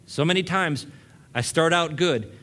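A man's voice: on the high side, unhurried, a bit bright. Preaching man with rising emphasis. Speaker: pastor. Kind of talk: sermon.

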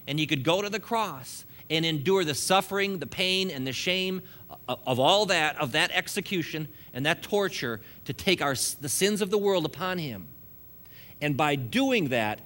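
A male preacher with a bright, forceful voice, pitched a little high for a man. He preaches with humor, laughs between points and drives his emphasis upward. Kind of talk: sermon.

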